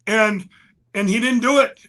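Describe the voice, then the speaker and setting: High bright-voiced excited man. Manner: fast, restless, repeats and restarts, swings loud and soft. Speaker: guest. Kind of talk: excited conversational storytelling.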